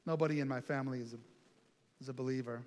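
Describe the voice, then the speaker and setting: A middle-aged male pastor telling a lively personal story in a sermon, acting out the other voices in it. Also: medium pitch, fast. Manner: animated storytelling with quoted voices. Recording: long reverb, faint music.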